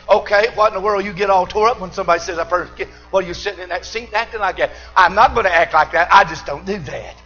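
An older man, preaching a fiery sermon in a church and shouting and whooping with exuberance. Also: sits high, fast talker, hardly any pauses, dull audio, faint music behind. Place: church service.

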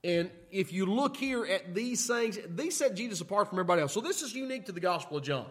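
A man preaching a sermon in a folksy way, often asking "okay?" and moving between loud emphatic lines and quiet asides. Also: sits high, expressive, fast. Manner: folksy, repeats "okay?" to check in with listeners. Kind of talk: sermon teaching.

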